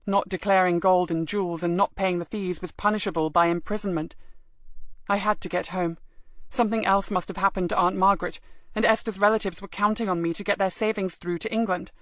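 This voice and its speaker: A woman narrating a first-person audiobook in a measured, expressive way. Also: mid-range voice, no echo.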